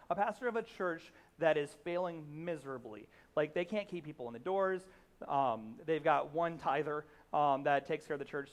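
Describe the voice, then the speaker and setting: Delivering his sermon as easygoing conversation, a young pastor speaks in a slightly high voice. Fillers and restarts crop up often, and he voices characters' quoted lines as he recounts a scene.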